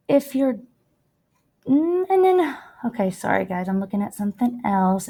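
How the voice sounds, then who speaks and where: Woman teacher, mid-pitched, chatty and emphatic, talks students through a writing lesson. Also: a little mellow. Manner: chatty, emphatic, drawn-out words when demonstrating. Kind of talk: classroom writing lesson over screen recording. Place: at a computer, recording her screen.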